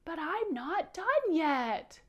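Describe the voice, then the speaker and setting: A woman voicing a pouting little bug puppet that complains in high, wailing tones. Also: very animated, takes it slowly, heavily acted. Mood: whiny.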